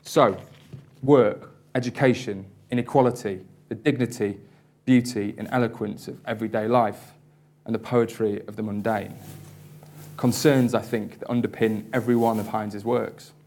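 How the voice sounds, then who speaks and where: A man giving a public lecture as a university lecturer, speaking in a measured, articulate way with light self-deprecation. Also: fairly low pitch, steady tone, a little mellow. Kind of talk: public lecture with read-aloud passages.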